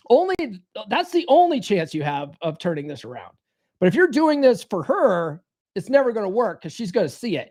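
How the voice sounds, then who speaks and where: A man's voice: high-pitched, darkish tone. A man hosting a podcast as a dating coach, giving advice in a blunt monologue, swearing freely and repeating his key phrases.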